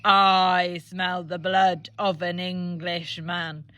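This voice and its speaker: A woman doing a slow, booming giant. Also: flat delivery, bright, forceful tone, no echo, highs cut off, exaggerated voice. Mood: menacing. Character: huge menacing male giant, roaring.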